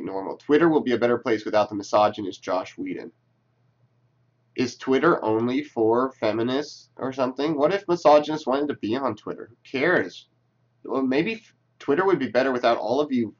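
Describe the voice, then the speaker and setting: A man with a medium-pitched voice, captured in lo-fi sound, reads tweets aloud and talks back to them. His commentary is casual, sarcastic, and profane.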